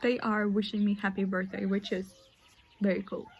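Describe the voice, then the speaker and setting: A woman's voice: mid-range voice, flat delivery, normal speed, lo-fi sound, slight background noise. An eighteen-year-old woman vlogging casually outdoors in a forest, rambling and hesitant and sometimes dropping to a whisper. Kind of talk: casual chat.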